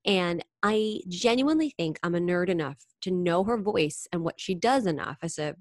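A woman singer and impressionist, telling stories in an animated, chatty way during an interview. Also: on the low side, normal speed, dry recording, clean studio sound. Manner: animated, chatty storyteller who briefly slips into singing impressions. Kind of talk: interview conversation.

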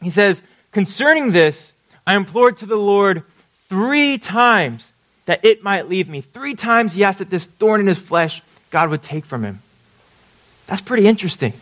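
A man's voice: sits high, lively intonation, unhurried, fairly bright tone. A man preaching a sermon, talking conversationally and checking in with his listeners. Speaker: pastor.

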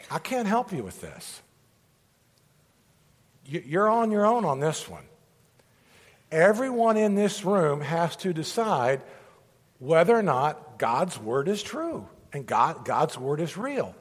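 Guy preaching in a big echoey hall, kinda high voice, keeps repeating himself, gets the room to say stuff back. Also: very animated, takes it slowly. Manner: earnest, repeats phrases and has the congregation say lines back. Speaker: pastor. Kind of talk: sermon. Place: large room with a congregation. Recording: long hall reverb.

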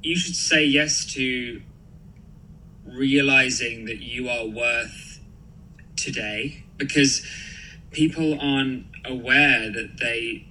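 A man's voice: mid-range voice, slow pace, pushed and bright, slight background noise, poor audio. A man as a podcast guest in casual chat, swearing freely, laughing and rambling. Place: flat in London.

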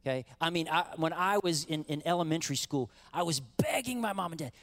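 Animated man preaching a sermon. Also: a little high, fast talker, few pauses. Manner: animated, conversational preaching with acted-out quotes. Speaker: pastor.

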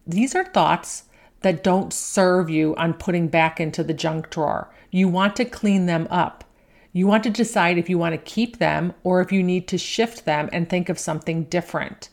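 A woman coaching golfers on their thinking, talking in a relaxed conversational way and often checking in with "right?". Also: lowish voice, moderate pace. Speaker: golf mental coach. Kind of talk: instructional talk.

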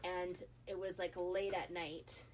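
Slow and low-voiced, a middle-aged woman shares a story as a guest on a talk show, with slight background noise in the clip. Her delivery is lively and casual, marked by many fillers and restarts.

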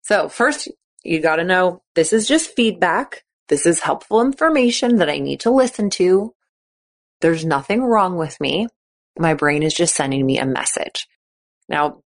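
A woman coaching on a podcast, talking in an encouraging, chatty way and acting out quoted thoughts. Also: lowish voice. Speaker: gymnastics coach and podcast host. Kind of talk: podcast monologue.

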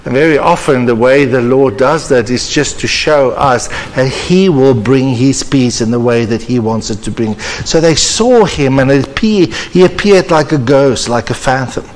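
A man delivering a sermon with earnest, measured preacherly emphasis at a conference. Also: medium pitch. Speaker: conference speaker. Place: church hall. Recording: reverberant church hall.

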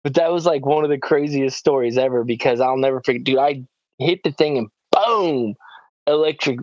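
A male podcast co-host telling a story in a casual chat, excitable and animated, with lots of "like" and "dude". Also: medium pitch, moderate pace, no echo, highs cut off.

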